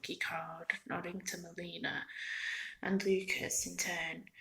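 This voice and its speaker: ASMR storyteller, woman, soft and half whispered, a touch low in pitch. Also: little pitch movement, measured pace, vocal fry, rough recording. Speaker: ASMR reader. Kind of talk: soft-spoken ASMR reading.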